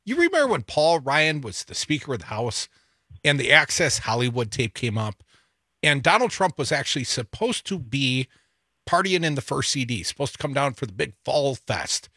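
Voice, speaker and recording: A man's voice: medium pitch, sing-song, normal speed, sharp tone, breathy edge, dry recording, studio quality. A man co-hosting a talk radio show, sarcastic and emphatic, taking calls and ranting about politics. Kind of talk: opinionated talk radio banter. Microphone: studio microphone.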